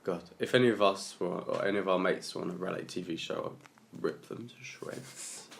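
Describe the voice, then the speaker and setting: A man's voice: deep voice, fairly quick, vocal fry, a little hiss or hum. A young man, co-hosting a casual podcast and asking the others questions in a chatty way. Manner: chatty, laughs while telling. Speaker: podcast co-host. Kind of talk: casual chat.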